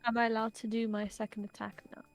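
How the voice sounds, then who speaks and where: A woman playing in a tabletop game, playful and asking quick questions. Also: a little high, little pitch movement, faint music behind. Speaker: player. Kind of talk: casual tabletop game chat.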